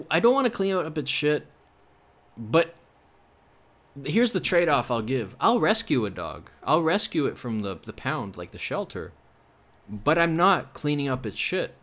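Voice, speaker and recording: A man's voice: mid-range voice, sharp tone. A young man from Canada hosting his own podcast, rambling casually with sarcastic jokes and asides. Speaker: podcast host. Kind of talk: casual solo podcast chat.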